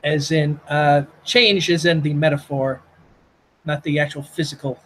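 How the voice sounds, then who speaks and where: A man narrating as game master in a tabletop role-playing game, halting with many fillers. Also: a little high, level tone, a bit bright, low-quality recording.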